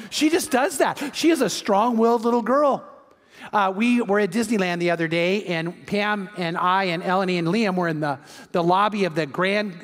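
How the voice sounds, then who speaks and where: An older male pastor delivers a sermon in a fairly high voice. He tells family stories and then presses his point with emphasis. His words ring out with the long echo of a large hall. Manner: warm anecdotal storytelling, then emphatic preaching. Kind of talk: sermon with storytelling.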